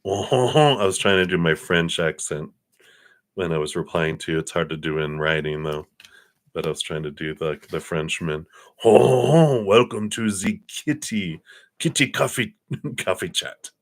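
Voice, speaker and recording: A man with a low, deep voice leading a live tarot reading on a stream. He talks easily, laughs a lot between cards and thanks viewers for their donations by name. His delivery is loose and chatty. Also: measured pace. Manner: relaxed, laughs often, reads viewer names and thanks donors. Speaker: tarot card reader.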